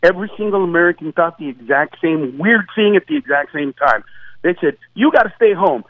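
Over a tinny phone line, a comedian guest tells jokes in a fairly high, lively voice at a slightly fast clip. His animated storytelling is emphatic and stammering, and he acts out different voices.

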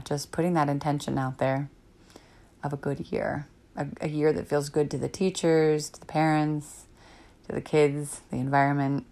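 A woman's voice: extremely low pitch, creaky, a little mellow. A woman in her thirties hosting a parenting podcast alone, talking in a reflective, rambling way with many fillers. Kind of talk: casual solo talk.

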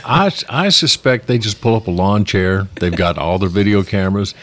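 A man's voice: on the low side, moderate pace, a bit bright. A man co-hosting a casual talk show who offers dry, wry remarks and advice. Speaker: co-host. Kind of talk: casual chat.

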